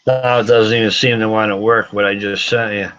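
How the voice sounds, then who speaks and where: A man's voice: on the low side, flat delivery, brisk, a bit bright, clear, resonant tone. A man hosting a casual livestream, talking to viewers in a frustrated, repetitive, muttering way. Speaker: gun shop livestream host. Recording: slightly dull lo-fi sound.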